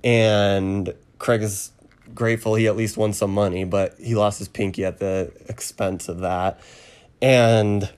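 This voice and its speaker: Low-voiced man casually recapping a film. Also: fairly even intonation, a little slow, a little mellow, smooth. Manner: rambling retelling with many ums and acted quotes. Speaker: podcast co-host recapping a film. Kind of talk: casual chat.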